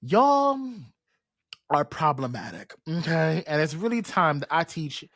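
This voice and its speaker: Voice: medium pitch, moderate pace, fairly bright tone, dry recording, lightly acted. Brief: host putting on a fed-up old telepath professor, blunt and slangy, dry sound. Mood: exasperated. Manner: casual slangy put-on voice. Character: aging telepath professor, reluctant then blunt.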